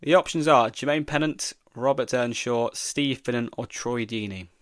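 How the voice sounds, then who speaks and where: A man's voice: mid-range voice, moderate pace, no echo, studio quality. A young man, hosting a solo football podcast, reading quiz questions aloud and talking his way through his guesses. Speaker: podcast host.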